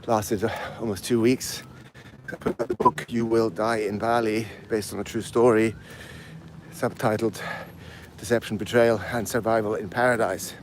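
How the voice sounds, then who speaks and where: A man's voice: on the low side, level tone, moderate pace, slight background noise. Breathless man rambling on a walk. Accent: mixed English. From England. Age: 50s. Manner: rambling, answers chat comments aloud. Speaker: live stream host. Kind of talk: casual live stream chat. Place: outdoors, walking uphill.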